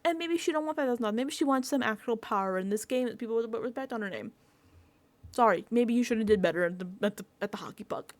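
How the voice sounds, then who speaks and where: Young woman vlogger, bright high voice, lively, dry close mic, casual recap chat. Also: quick pace, no echo. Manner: animated, mimics people in whiny pleading voices, swears casually.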